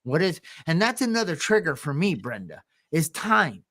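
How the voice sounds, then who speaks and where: A man co-hosting a podcast, telling rambling personal stories, often chuckling and clearing his throat. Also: fairly high pitch, big pitch swings, moderate pace, fairly bright tone. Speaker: podcast co-host. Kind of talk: casual podcast conversation.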